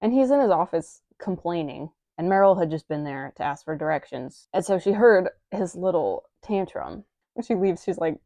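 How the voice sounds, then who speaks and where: A woman's voice: fairly low pitch, expressive, a little fast, vocal fry, warm tone, dry recording. A young woman reviewing a manga in a chatty, wry manner with playful asides, reading from a script.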